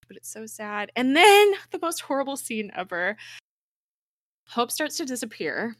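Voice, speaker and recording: A woman's voice: fairly high pitch, measured pace, long pauses, dry recording, clean studio sound. A woman co-hosting a casual podcast, recapping a TV episode with lots of laughs and emotion. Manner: animated, laughing, tearful recapping. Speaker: podcast co-host.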